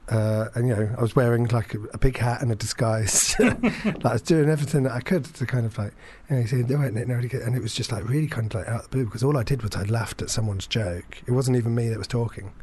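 A man's voice: medium pitch, fast, few pauses, darkish tone. Rambling self-deprecating man. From England. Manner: rambling, self-deprecating, many fillers and restarts. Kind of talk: casual chat, anecdote.

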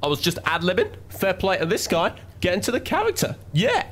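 A man playing a deadpan comedian fumbling his lines at a read-through. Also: high-pitched, fairly quick, exaggerated voice. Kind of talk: comedy sketch.

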